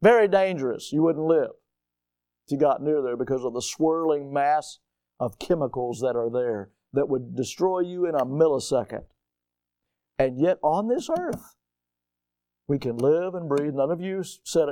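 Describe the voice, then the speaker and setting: A man's voice: on the high side, lively intonation, moderate pace, dry recording. Older male pastor preaching dramatically. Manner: dramatic, rising to near-shouts for emphasis. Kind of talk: sermon.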